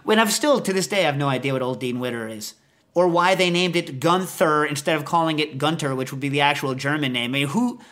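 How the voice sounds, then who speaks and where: A man hosts a podcast, spinning a meandering, lively story with plenty of fillers. His voice is bright and sits a little above the usual male pitch. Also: fast talker. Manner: rambling, animated, lots of fillers. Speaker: podcast host. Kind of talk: casual storytelling chat.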